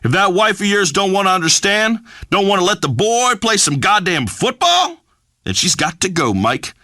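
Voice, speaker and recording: A man's voice: high-pitched, big pitch swings, moderate pace, sharp tone, no room sound, exaggerated voice. A man voicing a brash, pompous redneck talk radio host, middle-aged, holding forth on air in a scripted comedy bit. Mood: blustering. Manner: blustering, pompous pronouncements.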